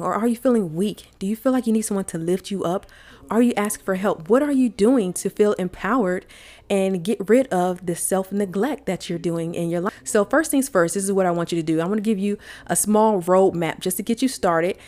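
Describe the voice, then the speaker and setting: A woman's voice: medium pitch, a little fast, a little mellow. A woman speaking as a wellness coach in motivational coaching talk, earnest and firing off rhetorical questions. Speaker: wellness coach and podcast host.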